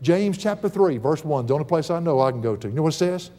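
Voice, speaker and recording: A man's voice: on the high side, lively intonation, quick pace, dark tone. A middle-aged man preaching a sermon in a church, emphatic and conversational, with folksy asides and humor. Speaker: pastor. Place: church sanctuary. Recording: long hall reverb.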